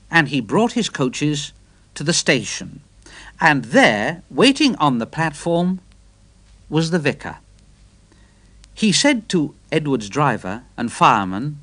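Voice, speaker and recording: Give me a man reading a children's story slowly and expressively. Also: a little high, sing-song, fairly bright tone, no echo.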